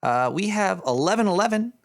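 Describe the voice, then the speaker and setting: There's slight background noise as a man, in a high, expressive, slightly fast voice, plays a paranoid male rat cartoon character who hosts a radio show. He reads out donations while rambling scatterbrained, with jokey asides, in live-stream style.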